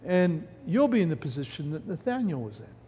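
High, lively preacher man in reverberant hall. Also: a little fast, husky. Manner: animated, rhetorical questions, breaks off mid-word. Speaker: pastor. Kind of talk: sermon. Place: church sanctuary.

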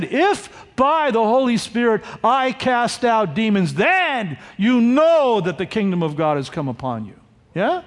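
A man preaching a sermon, teaching verse by verse and acting out the quoted lines. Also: high voice. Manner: animated, acts out the quoted lines. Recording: long hall reverb.

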